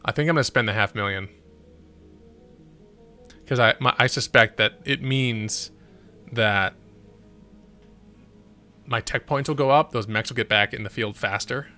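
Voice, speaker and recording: Bright-voiced man streaming a game. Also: mid-range voice, a little slow, pauses often, faint music behind. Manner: muttering, thinking aloud. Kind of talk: casual gameplay commentary.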